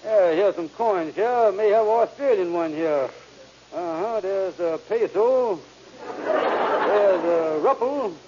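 An actor playing a smooth-talking male schemer who poses as a foreign sheep herder, stalling with uhs and slangy, ungrammatical talk, in 1940s radio comedy acting. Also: sits high, takes it slowly, darkish tone, highs cut off, a faint crowd. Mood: scheming. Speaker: comic lead in a radio sitcom. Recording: scratchy old radio broadcast with hiss.

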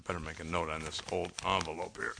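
A man acting a slow, fussy president in a comedy radio sketch, halting and stopping often to take notes. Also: deep voice, creaky, very noisy.

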